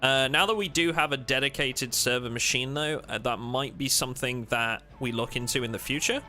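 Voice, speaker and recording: A man's voice: mid-range voice, fairly quick, pushed and bright. A man chatting casually and jokily with viewers while playing a game on a livestream. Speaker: streamer.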